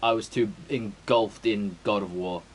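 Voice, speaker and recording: Male streamer, low-pitched, rambling and sweary, faint background hiss. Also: steady tone, a little slow, low-quality recording. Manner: rambling, sweary, full of fillers. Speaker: game streamer. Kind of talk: casual chat before a stream.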